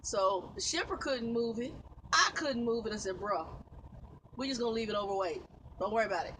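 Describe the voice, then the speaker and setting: A woman tells a trucking story in a casual vlog, exasperated, cursing and laughing as she goes. Her voice is bright, sits a little high, and a faint hum of vehicle noise runs behind it. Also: lively intonation, a little fast, poor audio. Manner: exasperated, vents with laughs and swearing. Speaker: truck driver vlogger. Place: inside a truck.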